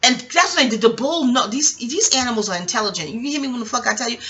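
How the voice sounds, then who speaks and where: Bright-voiced woman telling stories casually. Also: a little high, animated, fast. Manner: profane, digressive, talks straight to viewers. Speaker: vlogger. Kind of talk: casual rambling storytelling.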